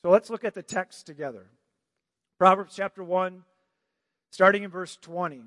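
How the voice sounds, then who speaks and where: A man's voice: high voice, normal speed, pauses often, a bit bright, no room sound, clean studio sound, big-room sound. A man preaching a sermon, talking casually and asking the congregation questions. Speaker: pastor.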